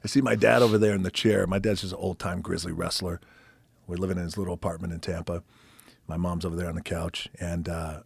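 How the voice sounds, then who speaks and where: A gravelly, husky man spins a story as a podcast guest, cursing freely and playing the people he quotes. His fairly low voice is recorded dry and close, and it sometimes sinks to a whisper. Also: brisk, no room sound. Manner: animated, swears freely, acts out quoted people, drops to a whisper. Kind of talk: casual storytelling.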